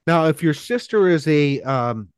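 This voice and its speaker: A man's voice: fairly high pitch, animated, unhurried, clear, resonant tone, no echo, clean studio sound. A man co-hosting a casual podcast, talking in an easygoing way and making unsure guesses in a game his co-host runs. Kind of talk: casual chat.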